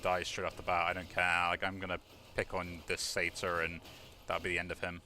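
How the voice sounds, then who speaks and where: A man's voice: low voice, monotone, fairly quick, bright, forceful tone, a little hiss or hum. A young man giving casual, rambling commentary while playing a video game, chuckling and using lots of fillers. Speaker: let's play gamer.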